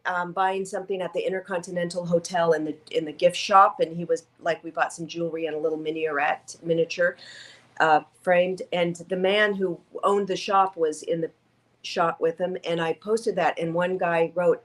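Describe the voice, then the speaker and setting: A woman speaking as an interview guest, her voice sitting a little low. She tells her story with feeling, slipping into the voices of people she quotes, and sounds near tears. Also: fairly even intonation, normal speed. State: tearful. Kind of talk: conversational interview.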